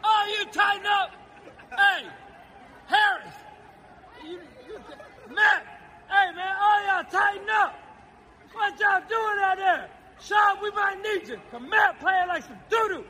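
A man with a Southern accent, a sports fan shouting loud, taunting heckles at players. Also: very high voice, slow, pauses often, a faint crowd, slight background noise.

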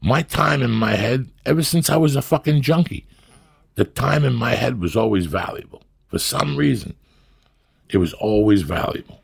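A man's voice: mid-range voice, expressive, normal speed, creaky, slightly rough. A middle-aged man, talking bluntly and profanely as a guest in a casual podcast chat, rambling through stories. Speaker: podcast guest, actor and comic.

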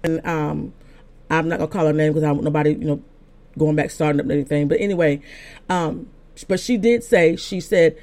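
A woman's voice: low voice, fairly even intonation, fairly quick, darkish tone. An older woman preaches as an apostle, telling her own story in a loose, conversational way. She trips and restarts often, then rises into firm, emphatic declarations. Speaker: apostle and pastor. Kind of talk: sermon told as personal testimony.

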